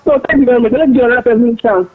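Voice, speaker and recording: A man's voice: very high-pitched, very fast. A male caller speaking hesitantly with many fillers over the phone. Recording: tinny phone line.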